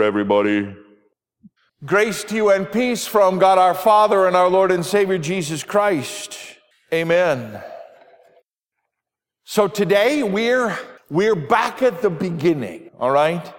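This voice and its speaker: A male pastor speaking in a church sanctuary, his fairly high voice carrying a long reverb through the room. He talks gently and playfully with the children, then lifts into emphatic exclamations. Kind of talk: gospel reading and children's sermon.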